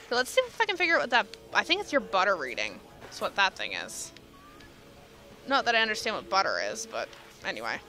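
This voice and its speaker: Bright, lively young woman gaming. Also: medium pitch.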